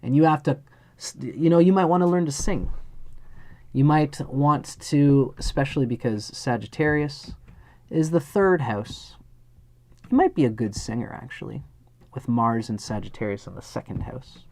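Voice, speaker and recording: A man's voice: medium pitch, moderate pace, darkish tone. A man giving a live astrology chart reading, speaking earnestly and directly to the person he reads for. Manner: earnest, speaks straight to the listener, acts out little scenes.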